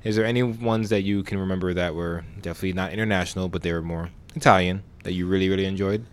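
Man, a little low-pitched, casual podcast interviewer, relaxed teasing tone, lots of short backchannels. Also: fast, clean tone. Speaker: podcast host.

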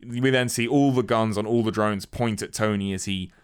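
A man casually recapping a film, acting out the characters' lines with animated energy. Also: on the low side, fairly quick, clean tone. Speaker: podcast co-host recapping a film. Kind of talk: casual chat.

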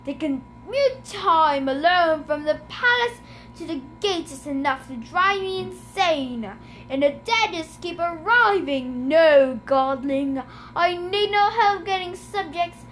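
A woman's voice: extremely high pitch, expressive, slow pace, a bit bright, a little hiss or hum, voice pushed up, exaggerated voice. A woman reading the lines of an indignant, grumbling male god of the dead.

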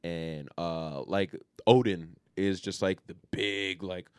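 A man's voice: low voice, steady tone, takes it slowly, clean tone, no echo, clean studio sound. A man co-hosting a podcast, talking loosely with lots of slang, fillers and swearing. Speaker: podcast co-host. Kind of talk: casual chat.

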